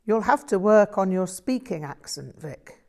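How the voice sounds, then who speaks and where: A woman voicing a wry woman friend who talks in a crisp, teasing way. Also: mid-range voice, lively intonation, a little slow, warm tone.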